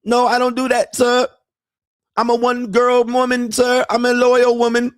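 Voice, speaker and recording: A man imitates a young Thai bar girl in a mock Thai accent, using a high, wheedling voice and broken English and adding "sir" to every line. The pleading, sweet-talking character protests her innocence in a sing-song manner, repeatedly saying "sir" and "Po," though the delivery is monotone and unhurried. The recording is clean studio sound with no room sound.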